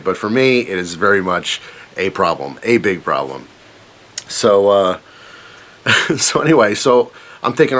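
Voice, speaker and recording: A man casually telling a personal story on his channel, animated and self-mocking, rambling with fillers. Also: on the low side, measured pace, pauses often. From Pennsylvania, USA.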